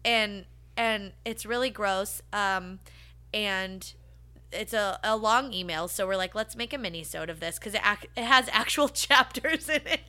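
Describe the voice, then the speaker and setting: Woman podcast cohost, bright voice, loose and sweary, lots of likes and ums. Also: medium pitch, measured pace. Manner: casual, swears freely, lots of "like" and "um". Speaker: podcast co-host. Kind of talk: casual podcast chat.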